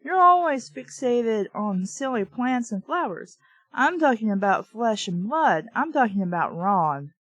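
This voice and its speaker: A brash, man-crazy woman of sixty, vain and flirty, from a read-aloud novel. A woman reads her lines at a slow, unhurried pace in a fairly high voice, very dry and close to the mic. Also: sing-song, fairly bright tone, no room sound, full character voice. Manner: brash, suggestive.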